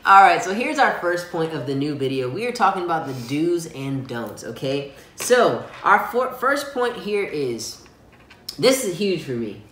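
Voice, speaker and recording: Easygoing man with a lively voice. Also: measured pace. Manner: easygoing, laughs often, lively pitch. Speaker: co-host of a couple's channel. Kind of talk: casual faith-based advice chat. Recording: roomy echo, faint background noise.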